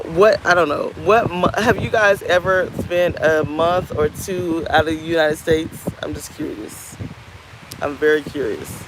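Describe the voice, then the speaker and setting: A woman in her thirties talking candidly to camera outdoors, rambling and animated. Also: sits low, noisy background. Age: 30s. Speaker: vlogger. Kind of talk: casual talk to camera. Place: outdoors on a beach.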